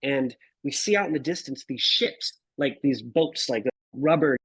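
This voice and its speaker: Guest photographer in his thirties: husky, casual storyteller, lots of dude and bro. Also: medium pitch, animated, measured pace, fairly bright tone, no room sound, rough recording. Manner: laid-back, swears, says dude and bro.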